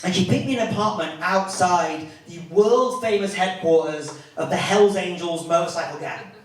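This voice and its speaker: A young man from the north of England with a Northern English accent, performing an animated stand-up comedy set. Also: moderate pace, slight background noise. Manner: animated, jumps into high-pitched character voices for punchlines. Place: comedy club. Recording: echoey club from a distance, clear crowd laughter.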